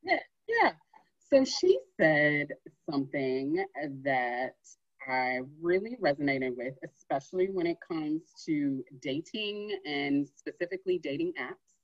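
Woman co-host, lowish lively voice, supportive, dull lo-fi sound. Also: takes it slowly, no echo. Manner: supportive, affirming. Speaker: podcast co-host. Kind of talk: casual chat.

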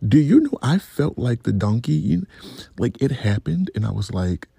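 A man's voice: medium pitch, very animated, moderate pace, gravelly, warm tone, slightly rough, no echo. A man vlogger telling a story about his week in a casual, profane, rambling way.

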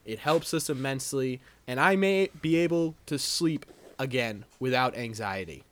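A young man co-hosting a podcast, talking in an animated, self-deprecating, swearing way. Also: mid-range voice, normal speed. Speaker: podcast co-host. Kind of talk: casual podcast banter.

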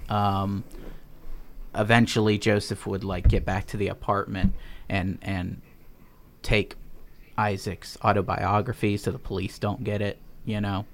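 Rambling lower-voiced podcast man. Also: gravelly. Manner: rambling, full of ums and restarts. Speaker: podcast host. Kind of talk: casual story pitch.

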